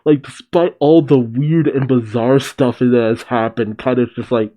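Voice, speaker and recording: Man hosting a reaction video: mellow voice, slow delivery, laughs and swears. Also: mid-range voice, lo-fi sound. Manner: excitable, swears and laughs often. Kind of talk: casual reaction commentary.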